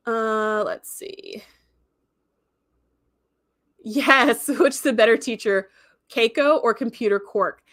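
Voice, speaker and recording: A woman's voice: fairly high pitch, takes it slowly, long pauses, a bit bright. A woman hosting a casual livestream, chatting in a rambling way and reading viewer comments aloud. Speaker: livestream host.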